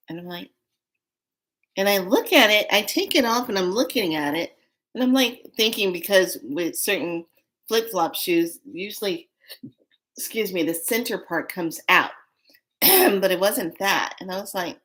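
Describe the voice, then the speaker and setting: A woman's voice: on the low side, animated, a little slow, a bit bright. A middle-aged woman vlogger telling a personal story in a casual, rambling way, often repeating words and starting over. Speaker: spiritual vlogger.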